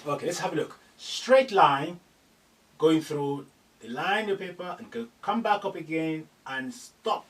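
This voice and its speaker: Slow, patient male teacher. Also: fairly high pitch, lively intonation, fairly bright tone. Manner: patient, repeats sounds many times. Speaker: Arabic teacher. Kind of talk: slow teaching, demonstrating letter sounds. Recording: somewhat distant from the mic.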